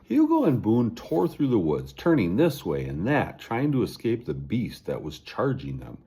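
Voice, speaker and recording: Male narrator for a children's chapter book; low, husky, expressive read. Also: normal speed. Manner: expressive reading aloud. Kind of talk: storybook narration.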